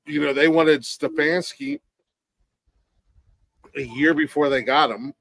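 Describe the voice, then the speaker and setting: A man on a podcast vents about sports in a profane, heated way, tripping over repeated restarts. His voice sits a bit high. The sound is dry and close. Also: slow, vocal fry, fairly bright tone, no echo. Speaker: podcast co-host. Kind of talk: casual sports chat.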